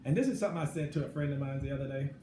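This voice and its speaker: A middle-aged man talking bluntly in a casual commentary monologue, swinging between loud outbursts and low asides. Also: very fast. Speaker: channel host. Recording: echoey room with background noise.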